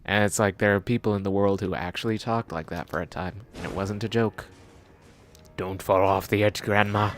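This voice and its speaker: A man's voice: fairly low pitch, steady tone, moderate pace, slight background noise. A man streaming a video game, rambling and joking as he plays. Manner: jokey, rambling, talking to himself. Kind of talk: casual gameplay commentary.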